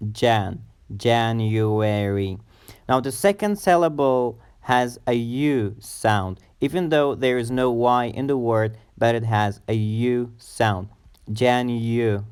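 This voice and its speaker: A man teaching English pronunciation, saying each word slowly and repeating it for learners. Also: mid-range voice, clean tone. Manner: slow, deliberate, repeats words for learners. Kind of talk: pronunciation lesson.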